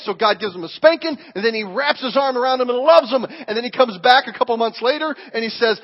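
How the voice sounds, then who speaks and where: A man with a very high voice preaches in a church, animated and emphatic as he tells stories. His voice comes through dull and muffled, with a long reverb trailing off the hall. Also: fast talker, few pauses. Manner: animated, emphatic storytelling with acted quotes. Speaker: pastor. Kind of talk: sermon.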